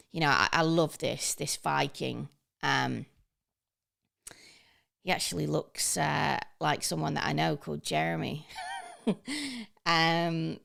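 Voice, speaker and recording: Woman, casual tutorial presenter, deep voice, heavy vocal fry, chatty, lots of fillers. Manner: chatty, enthusiastic, frequent ums and uhs. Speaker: online training presenter. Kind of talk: casual screen-share tutorial.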